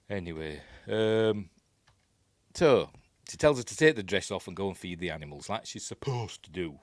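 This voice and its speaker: Low-voiced Yorkshire man rambling. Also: dry recording. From Yorkshire, England. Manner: rambling, lots of ums and asides. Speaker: film reviewer. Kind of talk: casual film breakdown over clips.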